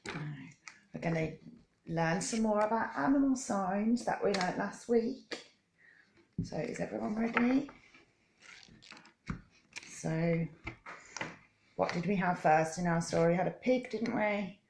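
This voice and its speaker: A woman hosting a children's story time, reading slowly and coaxing little listeners to join in. Her voice has a gravelly edge, and the room around her rings with echo. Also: medium pitch, a little hiss or hum. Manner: slow, gentle, coaxing, invites children to join in; teaches simple hand signs step by step. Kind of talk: reading a picture book aloud to young children. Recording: echoey room.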